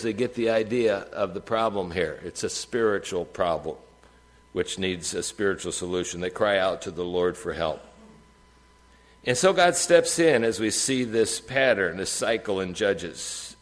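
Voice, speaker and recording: Male pastor, lowish voice, relaxed conversational sermon delivery. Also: low-quality recording. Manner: conversational preaching with asides to the congregation.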